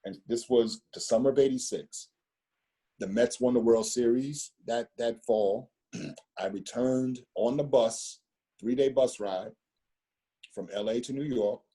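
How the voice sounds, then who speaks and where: Middle-aged storyteller, fifties, husky and dark-toned, loose rambling delivery full of slang and restarts. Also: male voice, mid-range voice, unhurried. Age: 50s. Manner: rambling, repeats words, street slang. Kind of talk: casual storytelling conversation.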